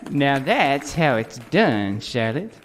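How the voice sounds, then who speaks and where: A man's voice: medium pitch, very animated, slow. Man playing a smarmy, showy pastor. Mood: coaxing.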